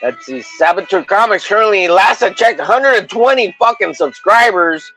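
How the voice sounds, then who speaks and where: Man, livestream host, casual chat, crude mock-bullying banter, bright edgy voice, swings wildly up and down. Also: sits high, expressive, normal speed, soft background music, low-quality recording.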